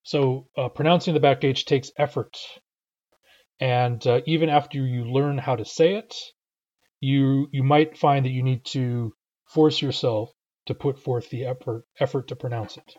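A man gives a patient, methodical pronunciation lesson, often pausing with filler sounds. His voice is a bit husky at a middling pitch. The recording sounds slightly dull and lo-fi. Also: fairly even intonation, a little mellow. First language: English. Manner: patient, explanatory, frequent uh fillers. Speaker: language teacher.

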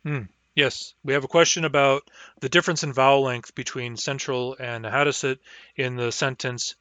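A man teaching a language class online, sounding out words slowly and carefully, syllable by syllable. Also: mid-range voice, steady tone, a bit bright, dry recording, muffled recording. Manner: slow, careful, deliberate pronunciation.

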